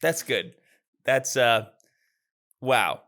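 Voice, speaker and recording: A man as a podcast guest in casual chat, giving dry, gently teasing reactions. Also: medium pitch, expressive, very slow.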